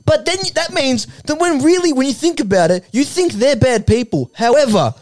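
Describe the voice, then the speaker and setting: A woman's voice: high-pitched, expressive, moderate pace, a little mellow. A woman co-hosting a podcast, rambling, swearing and laughing often in casual chat. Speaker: podcast co-host.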